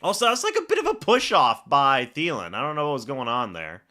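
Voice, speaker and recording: A man's voice: medium pitch, wildly swooping pitch, brisk, pushed and bright. A man hosting a live fan reaction stream, calling each play like a broadcaster and chatting to viewers between snaps. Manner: calls plays like a broadcaster, then chats with viewers.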